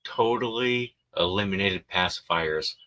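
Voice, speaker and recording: Speaking at a measured pace in a low, sharp-toned voice, a male podcast host goes off on a crude, joking, rambling monologue. Along the way he keeps acting out silly voices for babies and parents.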